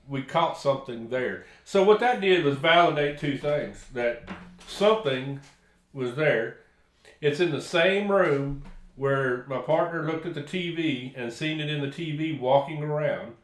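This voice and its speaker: A man's voice: medium pitch, a bit bright. An older man with a Texan accent, rambling through a story in casual live-stream chat, with restarts and chuckles. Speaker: paranormal investigator co-host. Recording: echoey room.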